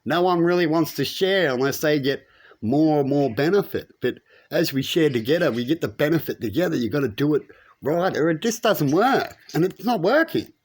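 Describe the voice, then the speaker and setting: A man giving a rambling, preachy spiritual monologue, his voice climbing when he makes a point. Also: normal speed. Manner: animated, preachy, rises in pitch when making points. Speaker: spiritual commentator.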